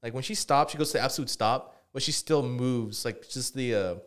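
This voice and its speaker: A man's voice: mid-range voice, normal speed. Casual swearing storyteller man. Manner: rambling, heavy swearing, many fillers. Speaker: podcast co-host.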